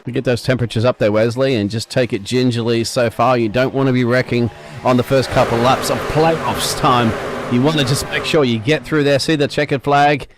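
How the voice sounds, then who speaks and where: Casting: male color commentator, very quick delivery, casual explanations, faint noise in the background. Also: medium pitch. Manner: rapid, chatty analysis with fillers. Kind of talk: sim racing commentary.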